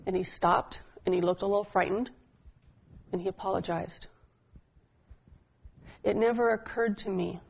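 A woman giving a sermon as a pastor, telling stories in a conversational style and slowing down to stress key points. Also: medium pitch, gravelly, darkish tone. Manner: conversational storytelling preaching, slowing for emphasis.

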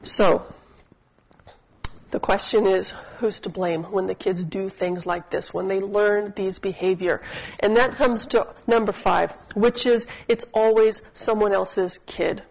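A woman's voice: medium pitch, steady tone, a little slow, vocal fry, darkish tone, poor audio. A woman preaching a sermon in a chatty, humorous storytelling way, often asking her listeners questions. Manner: asks the audience questions.

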